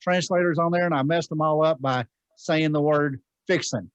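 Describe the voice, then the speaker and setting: A man hosting a meeting over a video call, talking casually and haltingly with many fillers. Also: fairly high pitch, fairly even intonation, clean tone, no room sound, lo-fi sound. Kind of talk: casual chat.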